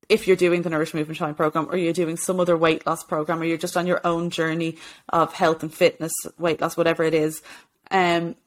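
A woman, hosting a solo health-coaching podcast in an earnest, encouraging way, with many "okay"s and restarts. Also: fairly low pitch. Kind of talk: solo podcast advice talk.

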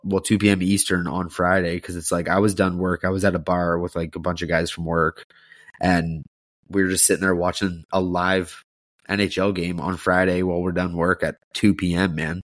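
A low-voiced man co-hosting a podcast, ribbing his friends with crude jokes and a steady stream of swearing. His voice sounds dry and close to the mic, with no room sound around it. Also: moderate pace, dry recording. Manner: crude, teasing banter with heavy swearing. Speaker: podcast co-host. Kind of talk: casual chat.

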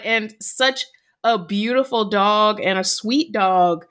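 A woman's voice: medium pitch, slow pace, fairly bright tone, a little hiss or hum. Woman, podcast co-host, casual storytelling, giggles, mid-range voice.

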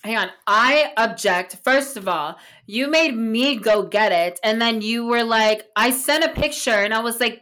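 A young woman co-hosting a casual podcast, lively and quick to object, telling stories at a fast clip. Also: fairly high pitch. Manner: lively, indignant, fast storytelling. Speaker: podcast co-host. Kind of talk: casual chat.

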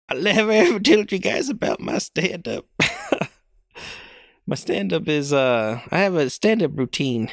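A man's voice: a little high, no room sound, clean studio sound. A young man hosting a podcast alone, rambling casually, mocking himself and laughing often. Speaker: podcast host.

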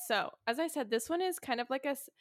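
A young woman co-hosts a podcast with clean studio sound and no room sound, speaking fast in a high voice. In casual chat, she tells a made-up story in a rambling way, full of "like" and "okay."

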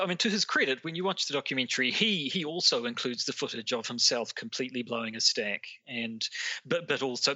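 Nz guy cohosting a podcast, super bright tone, keeps restarting his sentences. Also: medium pitch, no echo. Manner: restarts and repeats words often. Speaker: podcast co-host. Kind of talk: casual discussion.

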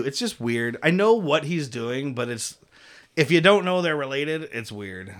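A man's voice: medium pitch, big pitch swings, unhurried. Rambling man recapping a movie. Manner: rambling, filler-heavy, swears freely. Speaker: podcast co-host. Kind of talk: casual movie recap chat.

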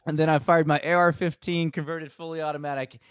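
A man's voice: fairly high pitch, flat delivery, fast, clear, resonant tone, no room sound, clean studio sound. A man co-hosting a comedy history podcast, reading out notes with profane jokes and asides. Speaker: podcast co-host presenting history. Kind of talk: casual comedic podcast chat.

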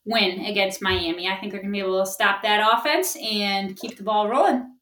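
A woman co-hosting a casual sports podcast, wry and quick to laugh. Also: medium pitch, a bit bright, far from the mic. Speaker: podcast co-host. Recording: echoey, off-mic.

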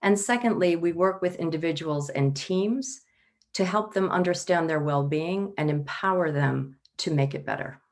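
A woman in her fifties talks as a guest on an online panel. Her voice sits low. She tells stories with an easy laugh in her talk. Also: normal speed. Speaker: panel guest, wellbeing consultant.

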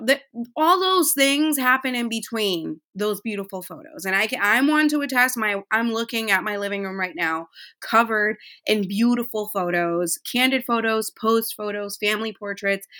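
A woman's voice: on the high side, moderate pace, pushed and bright. A woman in her thirties hosting a casual, heartfelt monologue, chatty with many fillers. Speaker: podcast host.

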